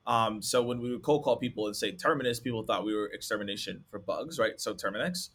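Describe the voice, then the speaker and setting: A man hosting a podcast, telling a sales story in a casual, animated way with many fillers. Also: on the low side, fast. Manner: animated, talks with many likes. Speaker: podcast host and sales rep.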